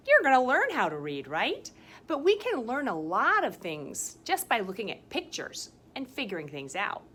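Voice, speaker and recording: A woman kindergarten teacher talks slowly, in a sing-song voice that swoops wildly up and down. She keeps an exaggerated, enthusiastic tone for her little listeners. Faint ambient sound hangs behind her. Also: fairly high pitch, fairly bright tone, a little hiss or hum. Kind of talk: read-aloud science lesson for young children. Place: school campus, partly outdoors.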